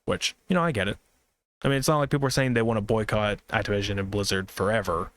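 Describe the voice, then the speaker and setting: A man with a lowish voice chats casually on a live gaming stream. He rambles through his thoughts, swears freely and addresses the viewers directly. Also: quick pace, fairly bright tone, dry recording.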